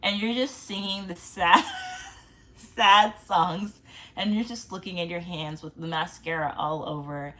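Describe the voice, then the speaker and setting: A woman's voice: on the low side, fairly even intonation, unhurried, a bit bright. A young woman vlogger in casual chat, chatty and self-mocking, laughing often.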